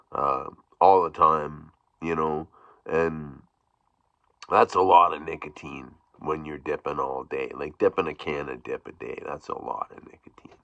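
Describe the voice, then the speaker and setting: A man chatting casually in his own vlog, rambling with frequent restarts and soft chuckles. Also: low-pitched, no room sound. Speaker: YouTube vlogger. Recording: dull, dry, lo-fi sound.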